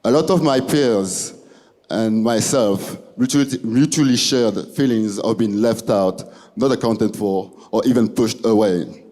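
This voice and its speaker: A young man from Belgium with a French accent, a student giving a halting presentation speech in a large hall. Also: fairly low pitch, darkish tone. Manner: halting, restarting phrases. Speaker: student speaker. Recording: long hall reverb.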